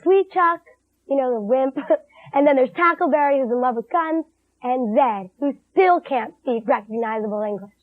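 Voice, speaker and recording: A woman's voice: sits high, normal speed, slight background noise. A female co-host chatting casually about a movie she reviewed, giggly and full of "like". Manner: chatty and giggly, says "like" a lot. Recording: tinny lo-fi 1980s TV broadcast.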